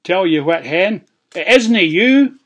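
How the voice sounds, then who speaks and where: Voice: medium pitch, expressive, measured pace, lo-fi sound, pitched above the performer's own voice. A Scottish storyteller voicing a blunt, teasing magic mirror in a storybook tale.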